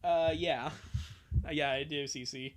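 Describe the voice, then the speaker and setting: A woman's voice: deep voice, fairly even intonation, measured pace. A woman hosting a live fan-fiction reading, chatting casually, laughing often and swearing freely. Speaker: host reading a fan story aloud.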